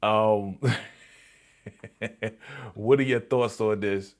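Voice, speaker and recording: A man's voice: lowish voice, steady tone, very slow. A man hosting a live-stream reaction show, recapping an episode and reading chat in a laid-back way full of fillers.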